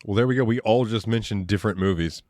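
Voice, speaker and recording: A man's voice: lowish voice, quick pace, no echo, clean studio sound. A man with a Southern American accent, co-hosting a casual podcast chat and acting out scenes as he talks. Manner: animated, acts out scenes in funny voices. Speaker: podcast co-host.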